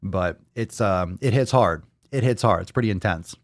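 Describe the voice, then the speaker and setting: A man hosting a live podcast stream, talking loudly and excitedly, repeating phrases and swearing often. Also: fairly low pitch, brisk, no room sound, studio quality. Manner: plays soundboard clips. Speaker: podcast host.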